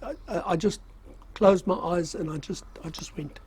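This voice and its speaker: With a high, darkish voice at normal speed, an older man chuckles his way through casual stories of his time in the army. He pokes fun at himself, wanders off track, and leans on fillers, while slight background noise hums underneath.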